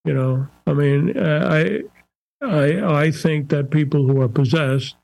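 An older man, a psychiatrist guest on a podcast interview, talking in a measured, searching way and often restarting his phrases. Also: on the high side, gravelly, a little mellow, no echo, low-quality recording.

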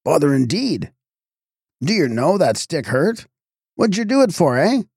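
Guy putting on a grumpy village cop, gruff and accusing, pushed up higher. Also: big pitch swings, unhurried, a little mellow, no echo, studio quality, heavily acted. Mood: indignant. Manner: gruff, accusing, rough speech. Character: blustering irritable male village constable.

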